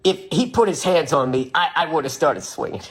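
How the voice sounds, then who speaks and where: A man's voice: a little high, animated, moderate pace, breathy edge. A man talking in a casual monologue, rambling and swearing with an incredulous edge.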